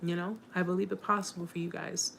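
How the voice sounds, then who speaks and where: Woman, live-stream host, lowish voice, chatty and rambling, emotional, encouraging. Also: little pitch movement, fast, gravelly, a little hiss or hum. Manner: warm, rambling, with many fillers and restarts. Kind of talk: casual live-stream chat with viewers.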